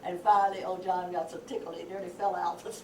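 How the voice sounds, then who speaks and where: Older woman, lively storyteller. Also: on the low side, fast, crowd noise. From rural Texas. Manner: lively storyteller, acts out sounds and laughs through the telling. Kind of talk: casual family reminiscence. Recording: roomy, distant home-video sound.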